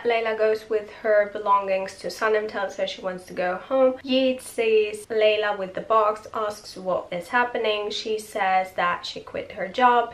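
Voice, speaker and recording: A woman chattily recapping a TV episode, retelling scenes in a casual way. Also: mid-range voice. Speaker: TV series reviewer. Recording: echoey room.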